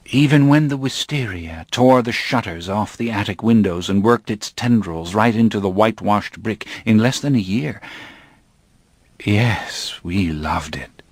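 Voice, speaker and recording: A grave, low-voiced old vampire. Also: male voice, no room sound. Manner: measured, grave and unhurried. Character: calm, brooding centuries-old male vampire. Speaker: narrator.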